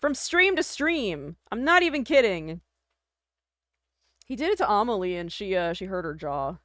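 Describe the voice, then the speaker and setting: A woman's voice: mid-range voice, sing-song, moderate pace, fairly bright tone, dry recording, studio quality. A woman streaming live, chatting casually with her viewers, self-deprecating, laughing often and swearing freely.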